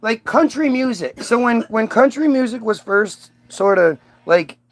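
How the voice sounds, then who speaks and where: Middle-aged male podcast host, high-pitched, rambling and profane, casual. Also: expressive, measured pace. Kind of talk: casual chat.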